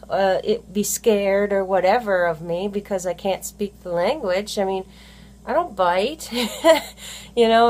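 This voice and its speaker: A woman's voice: medium pitch, darkish tone. A woman, a stay-at-home mom talking in a casual vlog monologue that rambles and corrects itself, full of "you know". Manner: rambling, heavy use of "you know" fillers, self-correcting.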